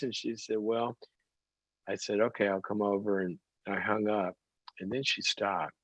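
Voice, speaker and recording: This middle-aged talk show host and psychologist runs a call-in advice program, acting out quoted voices as he spins lively stories. He speaks at a moderate pace in a fairly low register. The sound is dull and dry from a close mic, without echo.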